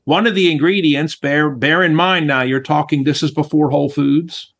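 Lively man telling kitchen stories. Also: a little high, moderate pace. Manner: animated storyteller, acts out voices. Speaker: former White House chef, guest. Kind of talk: storytelling interview chat.

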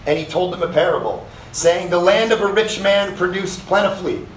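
A man's voice: high-pitched, fairly quick, echoey room, a little hiss or hum, poor audio. A man preaching a sermon, reading scripture aloud and driving his points home with rising force, breaking into casual asides to his listeners. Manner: animated preaching, punching lines with rising volume; conversational asides to young listeners. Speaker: pastor. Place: summer camp session.

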